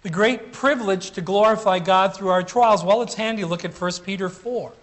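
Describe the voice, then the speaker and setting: With a high voice, a man delivers an earnest, emphatic sermon, easing his pace to give weight to key phrases.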